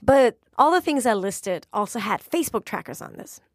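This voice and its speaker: A woman's voice: on the high side, expressive, moderate pace, no room sound, studio quality. A woman, a data reporter talking in a teasing, amused way on a podcast and laughing often. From Germany. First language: German. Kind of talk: conversational podcast segment.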